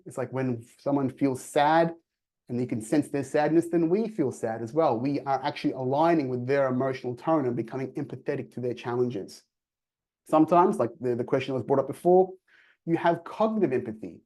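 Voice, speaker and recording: A man giving a sales coaching talk on a video call, energetically acting out quoted dialogue. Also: medium pitch. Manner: energetic, acts out quoted dialogue in lively voices. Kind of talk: presenting to a virtual audience.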